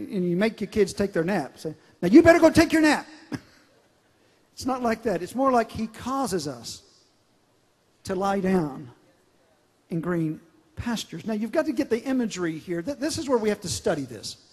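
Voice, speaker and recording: A middle-aged man preaching a sermon, emphatic, swinging from loud declarations to quiet storytelling. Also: sits high, breathy edge. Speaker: pastor. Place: large church sanctuary. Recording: long hall reverb.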